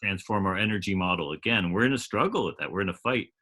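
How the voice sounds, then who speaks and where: A man's voice: sits low, animated, quick pace, pushed and bright. A man in a casual group call, thinking aloud with many restarts and fillers. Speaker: call participant.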